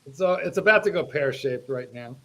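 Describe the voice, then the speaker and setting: A man's voice: mid-range voice, animated, a little fast, sharp tone, poor audio. A man on a livestream cracking lewd jokes. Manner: lewd joking. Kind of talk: casual livestream chat.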